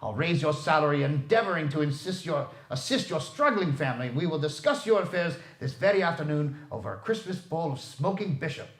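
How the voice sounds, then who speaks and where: A man's voice: fairly high pitch, expressive, brisk, hardly any pauses, natural voice. A man playing an old miser, now reformed and overjoyed, with eager, effusive speech. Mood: booming. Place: library room. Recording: echoey room.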